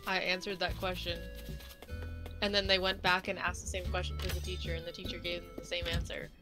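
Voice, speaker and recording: A woman's voice: fairly low pitch, level tone, fairly quick, low-quality recording. Rambling, swearing young woman vlogger. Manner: rambling, swears freely, many restarts. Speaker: college game-design instructor. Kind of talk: casual chat while streaming a game. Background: game music.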